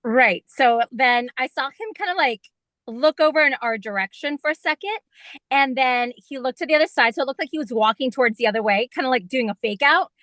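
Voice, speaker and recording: High-voiced excited woman telling a story. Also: brisk, dry recording. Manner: excited, rambling, many fillers. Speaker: guest fan. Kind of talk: animated storytelling interview.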